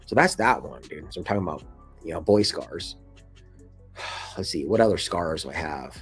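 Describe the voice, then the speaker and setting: A man's voice: normal speed, faint music behind. A man in his twenties telling a casual story to camera, swearing freely and calling the listener dude and bro. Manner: acts out quoted lines in a much higher excited voice. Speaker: vlogger. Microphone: camera mic, showing scars to camera.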